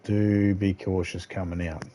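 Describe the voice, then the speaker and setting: A man with a very low voice chats while streaming a game. He rambles from topic to topic in a crude, jokey way, with faint noise behind him. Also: little pitch movement, unhurried. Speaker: gaming streamer. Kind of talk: casual chat while gaming.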